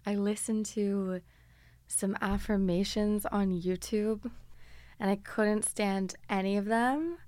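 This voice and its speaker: A woman's voice: medium pitch, steady tone, slow, a little mellow, no echo. A young woman hosting her podcast, talking in a chatty, confiding, self-deprecating way, with stretches of upbeat sponsor reads. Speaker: podcast host. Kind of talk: casual podcast monologue with read ads.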